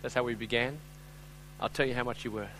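A man preaching a sermon as pastor, telling a story conversationally with "right?" and "I'm telling you", acting out voices and swinging from loud to hushed. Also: medium pitch, steady tone, fast talker, a little hiss or hum, low-quality recording.

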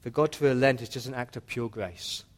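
A man's voice: mid-range voice, brisk. A man preaching a sermon as pastor, earnest and pleading with his listeners.

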